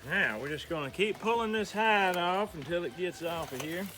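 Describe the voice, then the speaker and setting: A man's voice: high voice, normal speed, pushed and bright, faint music behind. A middle-aged man hosting a homestead show, giving an easygoing, folksy step-by-step demonstration. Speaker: homestead channel host. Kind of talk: how-to demonstration.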